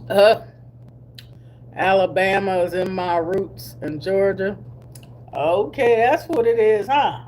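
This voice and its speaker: Middle-aged woman vlogger, unhurried chatty delivery, light hum behind. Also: medium pitch, a little mellow. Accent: Black American English. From Delaware, US. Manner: chatty, slow and drawling, with laughs and asides. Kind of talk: casual live chat with viewers.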